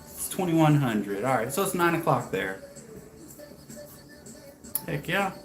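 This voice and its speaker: A man's voice: fairly high pitch, sing-song, takes it slowly, echoey room, faint music behind, rough recording. A man in his thirties from the United States, chatting casually with viewers on a livestream and greeting them by name. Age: 30s. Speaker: livestream host. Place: home garage.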